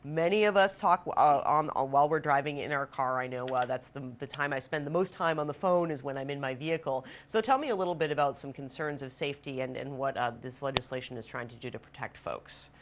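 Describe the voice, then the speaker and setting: A woman's voice: very deep voice, fairly quick, hardly any pauses. A woman hosting a local TV morning show, interviewing a guest in a friendly way, with frequent restarts.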